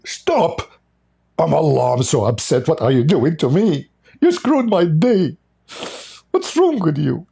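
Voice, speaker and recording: A man voicing a petulant male god who complains in a high, whining voice. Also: big pitch swings, a little slow, gravelly, mellow, slightly rough, exaggerated voice. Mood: whiny upset. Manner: complaining, pleading.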